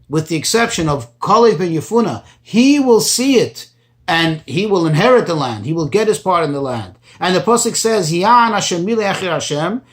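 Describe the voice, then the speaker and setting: A man's voice: high voice, a bit bright. Male rabbi, patient tutorial delivery, translates and repeats as he teaches. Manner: explains slowly, translating Hebrew phrases and restating points. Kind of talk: Torah study tutorial.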